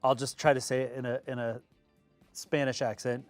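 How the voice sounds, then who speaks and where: A podcast co-host chats casually about movies in a medium-pitched voice with little pitch movement, at normal speed. Faint music plays behind him. He's loose and chatty, laughing often and leaning on lots of fillers.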